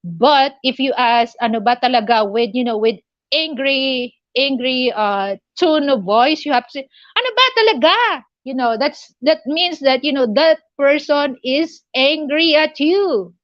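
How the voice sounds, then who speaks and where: A Filipino woman whose first language is Tagalog, hosting a casual live chat, speaking haltingly with many fillers and little chuckles. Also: high-pitched, no room sound, lo-fi sound. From Philippines. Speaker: livestream host.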